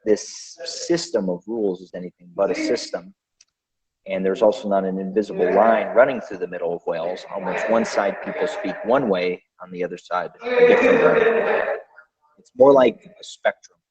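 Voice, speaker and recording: A man's voice: sits low, animated, normal speed, a little mellow. A man hosting a podcast, giving a pronunciation lesson and carefully sounding out each example. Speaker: podcast host. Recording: dull lo-fi recording.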